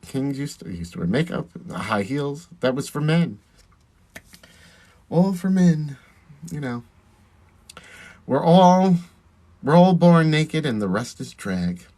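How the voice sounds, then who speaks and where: Man, drag performer, husky voice with a bouncy, lively melody, chatty live-stream host thanking viewers. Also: mid-range voice. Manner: chatty, reads viewer comments aloud and thanks them. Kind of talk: casual live-stream chat while doing makeup.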